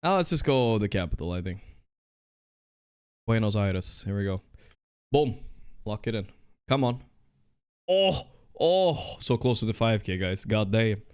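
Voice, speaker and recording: A man streaming a geography guessing game, thinking out loud, excitable and trash-talking his opponent. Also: lowish voice, normal speed, long pauses, clear, resonant tone. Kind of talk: casual live-stream commentary while playing.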